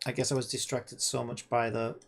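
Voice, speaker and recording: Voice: medium pitch, flat delivery, brisk, vocal fry. A game developer talking to themself while working, muttering and swearing in frustration at the screen. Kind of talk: casual self-talk while coding.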